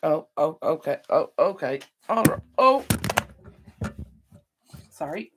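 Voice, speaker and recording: A woman chats through a home livestream at her desk mic, her voice sitting a little low. She rambles, apologizes often and loses her thread, sounding like she is still on the mend. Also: sing-song, slow, background noise. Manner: rambling, apologetic, easily sidetracked. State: recovering from illness. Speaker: decluttering channel host. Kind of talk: casual livestream Q&A chat. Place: home room at a computer. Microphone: desk microphone.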